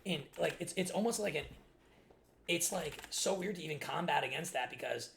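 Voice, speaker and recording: A man's voice: a little high, animated, moderate pace, gravelly, a bit bright, slight background noise. A young man streamer telling a rambling, exasperated story about his childhood while playing a game. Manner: rambling and exasperated, many restarts. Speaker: gaming streamer. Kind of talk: casual storytelling while gaming.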